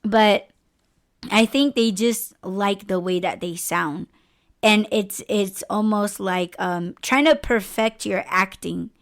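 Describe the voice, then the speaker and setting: A woman with a medium-pitched voice speaks slowly as she hosts a podcast. She chats candidly and expressively, rambling along and swearing freely.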